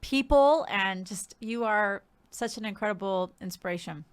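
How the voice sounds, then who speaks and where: A woman co-hosting a podcast, speaking in a warm, appreciative way to her guest. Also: medium pitch, moderate pace, clean tone. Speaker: podcast co-host. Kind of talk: casual podcast chat.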